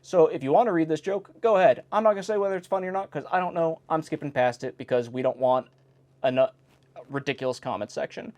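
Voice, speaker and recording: A man's voice: a little high, quick pace, a little mellow, lo-fi sound. A man hosting a casual reading of an old joke book, stopping often to make wry comments on each joke. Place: indoor home recording in South Carolina.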